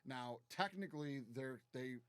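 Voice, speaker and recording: A man's voice: medium pitch, a little slow, clear, resonant tone, no echo. A man co-hosting a casual live stream, chiming in with detailed explanations of company incidents.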